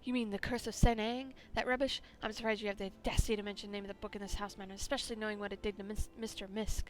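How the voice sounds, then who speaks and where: A woman's voice: medium pitch, little pitch movement, very fast, pitched below the performer's own voice, lightly acted. A woman voicing an indignant household servant who speaks formally and is easily offended. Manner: prickly, formal.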